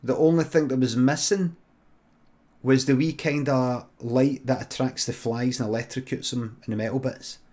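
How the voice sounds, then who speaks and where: Scottish guy making up a grim story live, deadpan, stops and restarts a lot. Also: mid-range voice, moderate pace. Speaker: streamer. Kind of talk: improvised comic storytelling.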